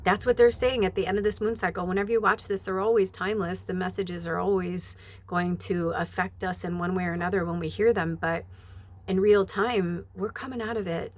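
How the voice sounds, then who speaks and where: A woman giving a casual spiritual reading who rambles with many fillers and bursts into high acted-out quotes. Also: fairly even intonation, a little fast.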